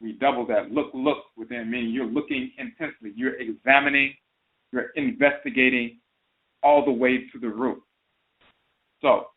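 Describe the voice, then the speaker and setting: A man hosting a talk radio broadcast, giving a spoken lecture and carefully repeating and spelling out terms as he explains them. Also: mid-range voice. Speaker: radio show host. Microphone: phone call into a talk radio show. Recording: tinny phone line.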